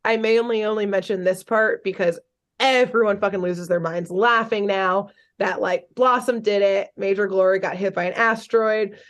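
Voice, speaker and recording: A young adult woman co-hosting a podcast, casually recapping a cartoon episode in an animated, chatty way and swearing freely. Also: medium pitch, normal speed. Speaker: podcast co-host.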